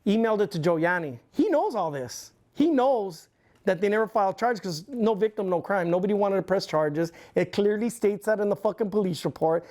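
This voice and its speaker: A man's voice: high-pitched, a little fast. A middle-aged man telling a long story as an interview guest, swearing constantly and laughing as he goes. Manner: profane, animated storyteller who laughs often. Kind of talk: casual storytelling.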